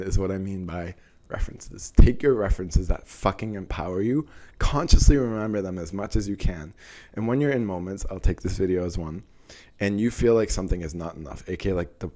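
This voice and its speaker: A young man talking casually to camera, giving energetic motivational advice and swearing for emphasis. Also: lowish voice. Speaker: self-help vlogger.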